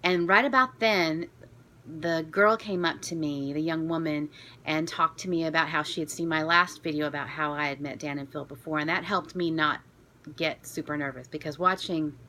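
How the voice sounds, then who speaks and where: Self-deprecating woman vlogger from Florida, lowish and bright, chatty storyteller. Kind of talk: casual storytelling to camera.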